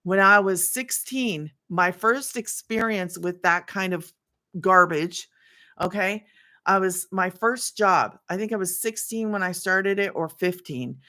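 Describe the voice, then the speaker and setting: A woman's voice: medium pitch, a little slow, pushed and bright. A middle-aged woman hosting a casual livestream from her home, talking in a chatty, emphatic way and often repeating herself for emphasis. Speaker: livestream host. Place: home, children in nearby room.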